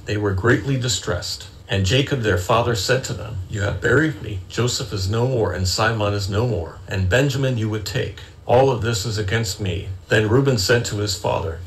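Low gravelly man reading scripture. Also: a little hiss or hum, rough recording. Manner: steady measured reading, then tentative musing in discussion. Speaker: Bible study participant reading scripture. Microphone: online voice call.

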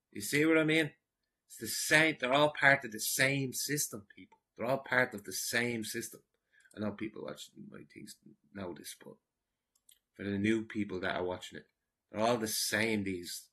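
Bright-voiced, rambling Irish man. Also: lowish voice, moderate pace. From Ireland. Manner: rambling, combative, mocking. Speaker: online commentator. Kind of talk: casual vlog reading out comments.

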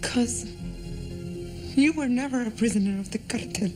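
A woman's voice: fairly high pitch, moderate pace, close to an everyday voice. An actress playing an earnest, probing woman in a TV drama, with a music score behind her. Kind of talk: TV drama acting.

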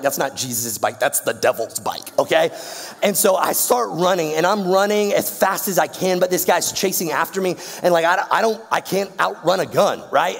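Guy giving a youth talk, high voice, super slangy, big echoey hall. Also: gravelly. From Georgia, US. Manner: slangy, playful, addresses audience. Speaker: youth speaker. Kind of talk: storytelling youth sermon.

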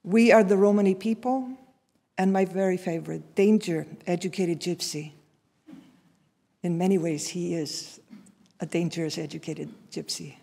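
Icelandic-born academic woman, sixties, slightly breathy, personal intro from a lecture hall podium with reverb. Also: lowish voice, moderate pace, long pauses. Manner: warm, personal, with frequent restarts and fillers. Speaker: seminar speaker introducing the guest. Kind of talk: formal introduction speech.

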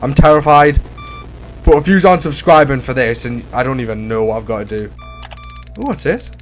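A man doing casual let's play commentary on a horror game, excitable and bursting into shouts. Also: mid-range voice, brisk, faint music behind. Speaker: gaming YouTuber.

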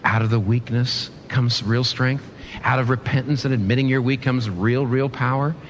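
A man preaching a sermon as pastor, with animated delivery and frequent restarts. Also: mid-range voice, moderate pace, slight background noise. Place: church.

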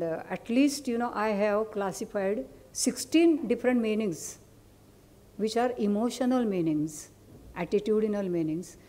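A woman lecturer with an Indian English accent and a Marathi mother tongue, teaching in a soft, mellow voice. She explains patiently, pausing to ask her listeners questions. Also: medium pitch. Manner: explanatory, with asides and questions to the audience. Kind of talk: academic lecture.

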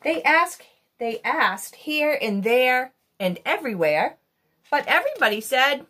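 Expressive female storyteller for a children's picture book, higher voice, unhurried. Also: husky. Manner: expressive, asks the listener questions.

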